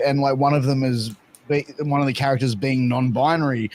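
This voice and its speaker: A man's voice: medium pitch, steady tone, fairly quick. A man in his thirties chatting on a podcast in a laid-back way, calling people bro and dude. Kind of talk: casual chat.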